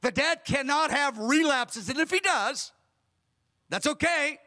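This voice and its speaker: High, bright-voiced male pastor preaching. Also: animated, measured pace. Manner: emphatic, acts out dialogue in storytelling. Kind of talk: sermon.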